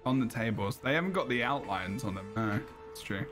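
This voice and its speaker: A man's voice: on the low side, expressive, fairly quick. Laughing man over game music. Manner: laughs often, easygoing and chatty. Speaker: podcast host. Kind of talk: casual gaming chat. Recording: loud game music behind.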